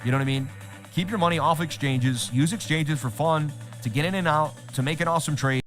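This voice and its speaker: A man's voice: a little high, fairly quick, a bit bright, soft background music. A man hosting a casual livestream about trading, chatting in a rambling, repetitive way.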